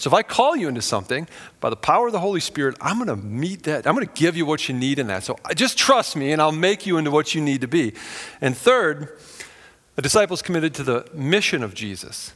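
A man's voice: a little high, very animated, fast talker, a bit bright, long reverb tail. A man preaching a sermon as pastor, earnest and conversational, acting out quotes as he goes.

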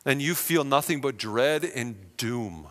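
A male pastor preaching a sermon with animated, vivid storytelling in a church hall. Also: medium pitch, takes it slowly. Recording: long hall reverb.

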